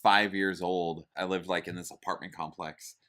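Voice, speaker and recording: A man's voice: sits low, flat delivery, normal speed, a bit bright. A man in his thirties chatting casually on a podcast, telling a story in a laid-back, hesitant way.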